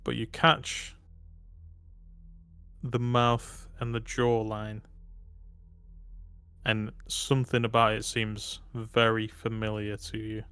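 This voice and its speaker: Man calmly narrating as game master. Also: on the low side, takes it slowly, pauses often, smooth. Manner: calm descriptive narration, rules explanations.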